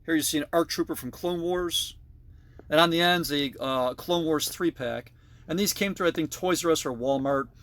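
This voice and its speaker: A man's voice: fairly high pitch, moderate pace, fairly bright tone, no echo. A middle-aged man casually narrating a tour of his collection in a basement, with frequent fillers and self-corrections. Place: basement room.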